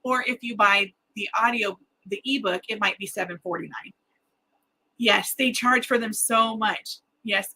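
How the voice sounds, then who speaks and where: Woman, excitable livestream chat, bright husky voice with gravel. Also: mid-range voice, a little slow, poor audio. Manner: chatty, excitable, rambling with fillers. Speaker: mystery author hosting a live book launch.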